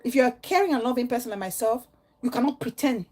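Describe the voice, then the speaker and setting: A woman's voice: a little high, fast talker, a little mellow. A middle-aged woman vlogger giving an earnest, emotional and preachy monologue to her viewers. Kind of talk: heartfelt vlog monologue.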